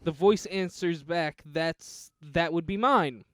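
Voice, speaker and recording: A man's voice: on the high side, slow pace, a bit bright, dry recording, studio quality. Man reading a text game aloud. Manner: reads game text aloud with laughing asides. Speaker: podcast co-host. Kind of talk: casual podcast chat, reading out a text game.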